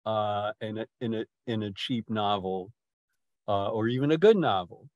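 A man's voice: on the low side, moderate pace, a little mellow, no room sound, dull audio. A man leading a poetry discussion, speaking thoughtfully, restarting phrases and lingering over words.

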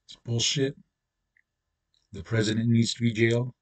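A man's voice: medium pitch, fairly even intonation, moderate pace, recorded from a distance. A man hosting his own channel, delivering an angry, profane solo rant with blunt, confrontational talk. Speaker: channel host.

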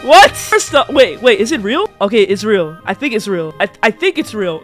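A young man commentating his own gameplay in casual slang, stammering and repeating himself, bursting into shouts and laughs at big wins. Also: sits high, very animated, normal speed, few pauses, soft background music. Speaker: gaming YouTuber.

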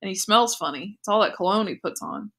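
A woman's voice: medium pitch, fairly quick, bright, forceful tone. Woman voicing eager young boy Bruno. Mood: insistent.

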